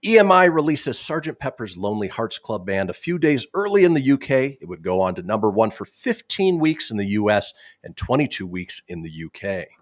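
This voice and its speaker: A man's voice: lowish voice, big pitch swings, fairly quick, few pauses, no room sound. A man hosting a comedy radio show, reading history facts with wry asides on a studio microphone. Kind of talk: casual comedy radio banter.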